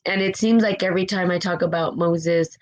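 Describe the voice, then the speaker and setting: A woman with a slightly low voice gives an impassioned motivational talk on her own live stream. She sounds close to tears, presses her points with repetition and keeps checking in with a quick "right?". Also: steady tone, low-quality recording. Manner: fervent and emotional, repeats phrases, asks "right?". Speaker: host of a spiritual live stream. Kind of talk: impassioned motivational talk, reading viewer comments.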